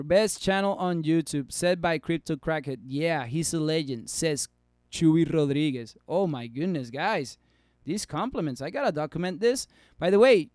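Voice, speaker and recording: Excitable male stream host with a high, smooth voice and a dry, close sound, joking through viewer comments, sprinkling in Spanish. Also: normal speed, dry recording. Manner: excitable, joking, swings between loud and muttered; drops Spanish words into English. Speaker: stock market livestream host. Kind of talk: casual livestream chat reading comments.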